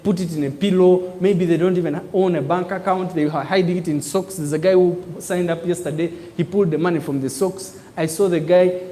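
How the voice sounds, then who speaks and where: A man giving a motivational business talk to a live audience, calling out prompts for the crowd to answer. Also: a little high. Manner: call-and-response preaching, emphatic, animated. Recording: echoey hall with long reverb.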